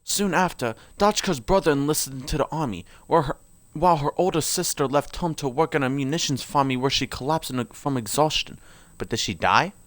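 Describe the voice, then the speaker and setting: A man's voice: fairly high pitch, brisk, fairly bright tone, no room sound. A man reading game character profiles aloud. He often stumbles and corrects himself, and breaks off into joking asides. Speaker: game video creator.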